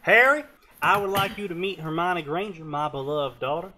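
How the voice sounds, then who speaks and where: A man's voice: fairly high pitch, moderate pace, pushed and bright, voice pushed up. A man voicing a genial old wizard headmaster in a put-on Southern twang.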